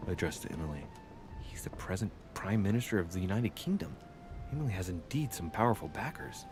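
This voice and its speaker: A calm game narrator. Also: male voice, low voice, fairly quick, music in the background. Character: male game narrator describing objects.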